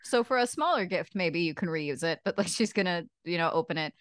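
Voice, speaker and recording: Casting: lower-voiced woman, tabletop player, chatty and loose, dry close sound. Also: animated, brisk, no room sound. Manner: chatty, full of "like". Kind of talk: casual tabletop role-play.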